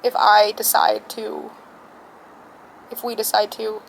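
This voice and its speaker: Soft, halting young woman with a gravelly edge. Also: mid-range voice, monotone, slight background noise, low-quality recording. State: tearful. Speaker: vlogger. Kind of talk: personal storytelling. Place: alone in a quiet room.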